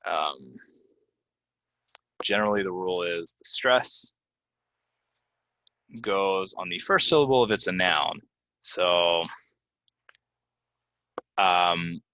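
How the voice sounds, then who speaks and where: Low-voiced man teaching pronunciation. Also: bright, forceful tone, no room sound, low-quality recording. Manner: casual, explains with many fillers and repeats words slowly. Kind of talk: relaxed video lesson. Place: Florida.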